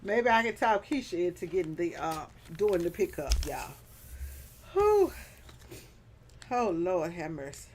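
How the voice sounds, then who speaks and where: A woman's voice: fairly low pitch, normal speed, hardly any pauses, slight background noise. A woman vlogger chatting casually on a stream, teasing her viewers and breaking into big laughs. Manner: laughing hard, playful teasing, Southern slang. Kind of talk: casual livestream chat.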